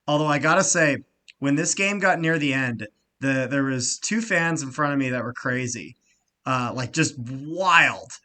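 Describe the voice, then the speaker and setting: Animated, profane male sports podcaster. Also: mid-range voice, unhurried. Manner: animated, swears freely, gets loud and excited; frequent fillers and restarts. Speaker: podcast co-host. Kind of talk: casual sports chat.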